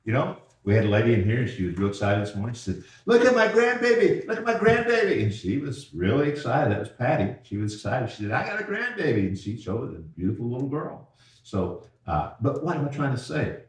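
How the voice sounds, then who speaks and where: A man preaching an evening sermon as pastor, folksy, repeating words and slowing down on key phrases. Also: fairly low pitch, expressive, a little mellow, distant mic. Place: church sanctuary. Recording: echoey church from afar.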